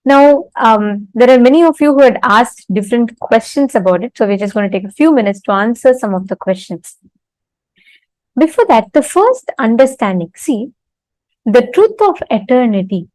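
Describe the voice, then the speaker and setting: Unhurried woman giving a spiritual talk. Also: on the high side, darkish tone, no echo, rough recording. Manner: unhurried, pausing often, telling a story with acted-out quotes. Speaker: spiritual teacher. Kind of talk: live online spiritual discourse with a parable. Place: temple.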